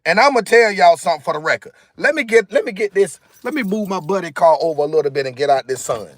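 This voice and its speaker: A man's voice: high-pitched, animated, quick pace, dry recording, clean studio sound. A man live-streaming from his car on a phone, talking straight to his viewers in a repetitive, emphatic rant. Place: in a car, outdoors in sunlight. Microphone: phone camera.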